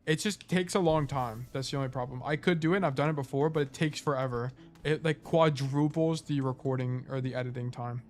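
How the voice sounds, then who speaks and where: A man streaming himself playing a game, thinking out loud in casual, rambling talk full of "like" and "you know". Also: mid-range voice, steady tone, fairly quick, hardly any pauses. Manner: rambling, thinking aloud, lots of "like".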